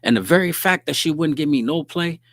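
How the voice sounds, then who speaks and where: A man's voice: a little high, fairly quick, fairly bright tone, dry recording, studio quality. A middle-aged man, hosting a casual talk stream, telling stories in slang and reading viewer comments. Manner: streetwise slang, storytelling, frequent "you dig what I'm saying". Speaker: host.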